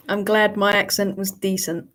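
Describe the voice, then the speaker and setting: A woman hosting a casual live Q&A, chatty and laughing often as she reads out viewer questions. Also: mid-range voice. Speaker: livestream host answering viewer questions.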